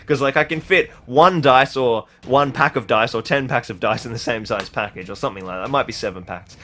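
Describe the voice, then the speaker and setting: A man's voice: medium pitch, fairly quick, fairly bright tone, slight background noise. A young man from Australia hosting a casual livestream, reading out chat with lots of fillers and laughter. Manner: rambling, laughs often, many fillers.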